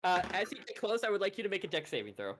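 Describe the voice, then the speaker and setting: A man's voice: high voice, sing-song, very fast, a bit bright, a little hiss or hum. A man running a tabletop game as game master, narrating loosely with frequent laughs.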